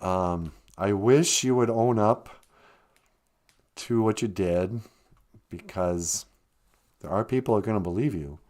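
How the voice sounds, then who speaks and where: A man hosting a comedic podcast, talking in a dry, deadpan way and explaining words of the day. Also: fairly low pitch, a little slow, pauses often. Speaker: podcast host and language teacher.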